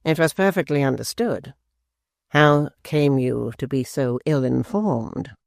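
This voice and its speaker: A scheming secretary speaks mildly and very slowly, his voice gravelly, as an audiobook narrator puts him on. The sound is close and dry. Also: mid-range voice, no echo. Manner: mild, measured, slow. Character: smooth, scheming male secretary.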